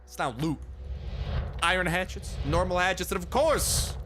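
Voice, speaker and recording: Hyped, high-pitched male gameplay host. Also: animated, normal speed, a bit bright, soft background music. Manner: goofy and hyped, with sudden high squeals. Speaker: gaming video host. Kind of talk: energetic gameplay commentary.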